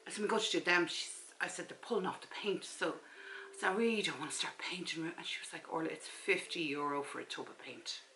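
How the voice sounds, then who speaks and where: With a deep, bright, forceful voice and a fairly quick pace, a vlogger from Ireland in her forties talks to camera in her front room at home. She casually recounts a chat with a friend, playing out the friend's side herself. The camera-mic recording is low quality, with slight hiss or hum.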